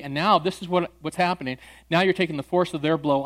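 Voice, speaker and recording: Brief: a male pastor with a fairly high voice, telling a teaching story and playing out the conversation. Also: fast. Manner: animated storyteller who acts out dialogue. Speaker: pastor training church members in evangelism.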